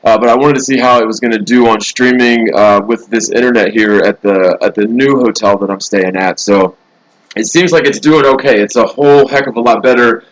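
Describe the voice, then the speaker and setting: A man's voice: mid-range voice, a little fast, rough recording. A man hosting a casual live stream from a hotel room, rambling through the news with sarcastic asides. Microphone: laptop mic.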